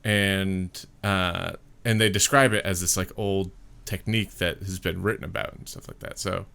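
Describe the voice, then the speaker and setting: A man's voice: low voice, steady tone, moderate pace, vocal fry, sharp tone, smooth. A man co-hosting a livestream, chatting casually in a rambling, hesitant way and spinning jokes. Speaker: comedy troupe member co-hosting a stream. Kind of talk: casual chat.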